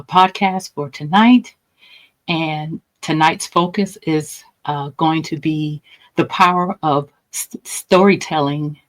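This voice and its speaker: A woman hosting a podcast, who opens calmly and invites her guest to share her story. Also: deep voice, rough recording. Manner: calm, unhurried, with some restarts. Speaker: podcast host.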